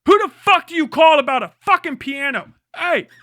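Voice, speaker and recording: A man's voice: very high voice, animated, moderate pace, bright, forceful tone, dry recording, studio quality. A man, the live streamer, delivering a rambling, profane comedic rant.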